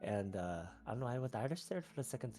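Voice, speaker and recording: A man's voice: medium pitch, sing-song, fast talker, darkish tone, soft background music. A man as dungeon master running a tabletop game, laughing at himself and making self-mocking asides.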